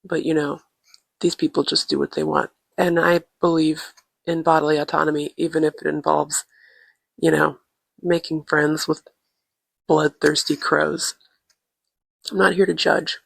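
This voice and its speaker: Her husky voice sits low with little pitch movement, unhurried and full of vocal fry and long pauses, with no room sound. The woman, a podcast co-host, is making a casual travel audio diary at a relative's family home using a tiny clip-on influencer mic, speaking in a jokey, mock-serious, playful manner.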